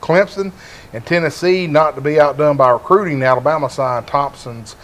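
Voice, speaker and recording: A man's voice: fairly high pitch, brisk. A man co-hosting a casual sports talk show with joking, laid-back banter.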